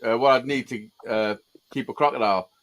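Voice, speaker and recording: A man's voice: medium pitch, fairly quick, a bit bright. A man telling rude anecdotes in casual banter with friends, swearing freely. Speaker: live stream host.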